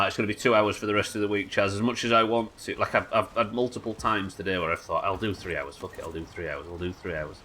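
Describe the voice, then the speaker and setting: A man's voice: low-pitched, a bit bright, slight background noise. A man with a Yorkshire accent chatting casually and swearing freely while streaming a game. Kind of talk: casual live-stream chat while gaming.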